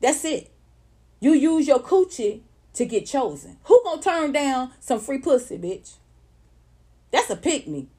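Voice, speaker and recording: A woman's voice: high voice, sing-song, measured pace, pauses often, a little mellow. A woman with ranting bluntly and with a lot of profanity, mocking others in put-on voices as she hosts casual online talk.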